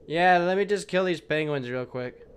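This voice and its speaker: A man's voice: fairly high pitch, moderate pace, slight background noise. A young man giving crude, sarcastic running commentary while playing a game. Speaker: gameplay commentator. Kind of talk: casual let's play commentary.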